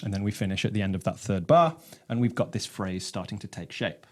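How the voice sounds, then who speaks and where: Man calmly explaining a snare drum piece. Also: lowish voice, over loud music. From England. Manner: measured, explanatory, counts and vocalizes rhythms aloud. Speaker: percussion teacher and composer. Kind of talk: explaining a composition.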